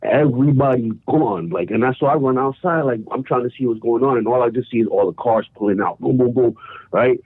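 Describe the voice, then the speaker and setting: A man from New York calling in by phone and telling a story in animated slang, often saying "bro" and "yo". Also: mid-range voice, brisk, breathy edge, dry recording. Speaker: caller. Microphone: phone call. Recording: tinny phone line.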